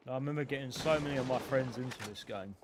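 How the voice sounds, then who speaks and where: A man's voice: mid-range voice, quick pace. A British man streaming a game, chatting casually and rambling between moments of play. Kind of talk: casual gameplay commentary. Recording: gunfire and game noise behind.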